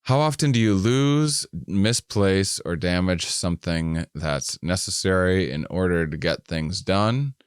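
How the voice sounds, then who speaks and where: A man's voice: low-pitched, lively intonation, a little slow, hardly any pauses, smooth, no echo, studio quality. A middle-aged man co-hosting a casual podcast, rambling and self-deprecating as he reads survey questions aloud. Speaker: podcast co-host.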